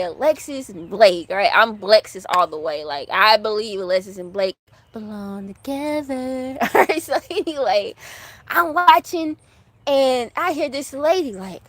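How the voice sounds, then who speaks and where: A woman hosting her own channel, chatting casually and rambling through asides as she answers viewer questions. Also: fairly high pitch. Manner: fan of classic TV soaps. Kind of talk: casual chat.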